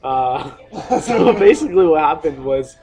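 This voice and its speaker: A man's voice: on the high side, a little slow, crowd noise, low-quality recording. A young man hosting a podcast, telling a story casually, swearing and laughing as he goes. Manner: profane, laughing, animated storyteller. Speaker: podcast host.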